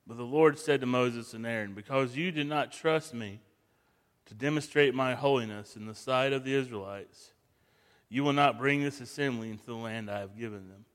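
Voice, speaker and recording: A man preaching a sermon, swinging from hushed, slow passages to loud, emphatic bursts. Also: medium pitch. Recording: long reverb of a large hall.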